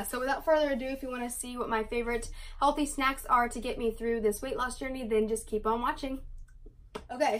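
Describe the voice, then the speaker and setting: A young woman chatting casually to her camera as a vlogger, quick and rambling, full of likes and ums. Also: on the high side, a bit bright, slight background noise.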